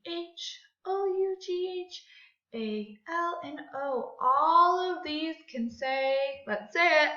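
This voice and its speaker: A woman teaching second graders an online phonics lesson, slowly and clearly sounding out words for them to repeat. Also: on the high side, sharp tone. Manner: slow, exaggerated sounding out of words for children. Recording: echoey room, dull lo-fi audio.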